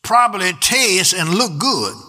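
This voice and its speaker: High, bright-voiced preacher man, sing-song. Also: very animated, a little slow. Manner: rhythmic preaching, sometimes half-sung, stretched words for emphasis. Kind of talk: sermon.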